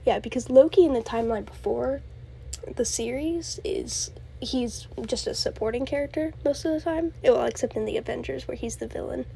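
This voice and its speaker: A young woman talks alone into her podcast, rambling and gushing with lots of fillers and little laughs. Her voice sits a touch high but sounds husky and gravelly, with a dark, mellow color. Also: poor audio. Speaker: podcast host. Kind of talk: casual solo rambling talk.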